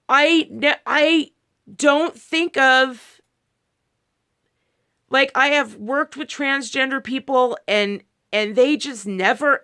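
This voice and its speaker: A married adult video creator with a bright, forceful, fairly high voice tells a personal story directly to camera. In this casual monologue she rambles, restarts sentences and slips into quoted bits of dialogue.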